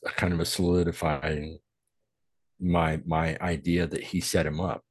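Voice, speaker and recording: A man's voice: a bass voice, little pitch movement, measured pace, slightly rough, dry recording. A man co-hosting a casual movie podcast, thinking aloud and recounting his guesses about the plot, with some profanity. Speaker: podcast co-host.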